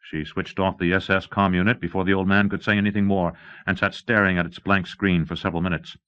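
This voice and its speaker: A man reading a novel aloud in a steady, measured narration, on an old cassette recording. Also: low-pitched, clear, resonant tone. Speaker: audiobook narrator. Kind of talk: scripted audiobook narration. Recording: dull lo-fi cassette audio.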